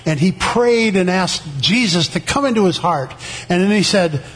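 High-voiced older man, veteran sharing a testimony, halting delivery with lots of restarts, acts out the voices in his story. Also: expressive, fairly bright tone. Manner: halting, with many restarts and repeated words.

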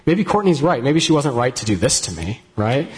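A man preaching a sermon in a conversational, gently humorous way, often restarting his sentences. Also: medium pitch, very animated, moderate pace. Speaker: pastor. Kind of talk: sermon with live demonstration.

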